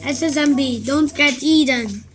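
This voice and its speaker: A woman voicing a gruff, cocky schoolboy who talks loud and brushes things off. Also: sits high, unhurried. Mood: brash. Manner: brash, loud, dismissive.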